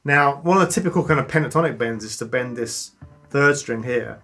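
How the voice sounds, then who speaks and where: A medium-pitched guitar teacher gives a casual lesson, relaxed and enthusiastic, pausing between phrases to play. A clean guitar sounds loudly behind him, with guitar playing in the background.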